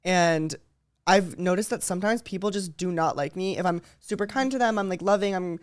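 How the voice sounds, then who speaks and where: A woman's voice: lowish voice, a little fast. A woman co-hosting a podcast in casual chat, outspoken and blunt, swearing freely.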